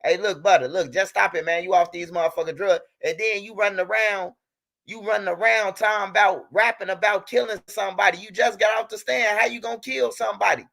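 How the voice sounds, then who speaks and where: A man's voice: high voice, steady tone, brisk, vocal fry, a bit bright. A young man in a heated, profane rant, repeating himself as he talks straight at a rival. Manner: angry, profane, repetitive, talking straight at a rival. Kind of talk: heated direct-to-camera rant.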